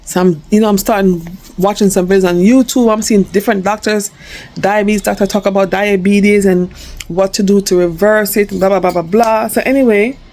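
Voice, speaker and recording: A middle-aged woman with a New York accent talks straight to her viewers in a relaxed vlog. She is chatty and animated, with a voice of medium pitch for a woman. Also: moderate pace. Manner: animated, chatty, acts out quoted talk. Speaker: vlogger. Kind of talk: casual storytelling vlog.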